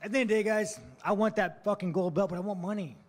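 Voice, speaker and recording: A man's voice: high voice, quick pace. A man answering reporters at a post-fight press conference, blunt, profane and provocative, mocking and laughing at his own jokes.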